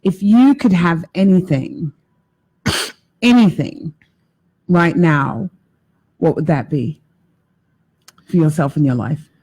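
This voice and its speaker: A woman's voice: lowish voice, expressive, slow, long pauses, mellow, husky. A woman hosting an interview as a life coach, who affirms and echoes her guest's words. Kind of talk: interview conversation.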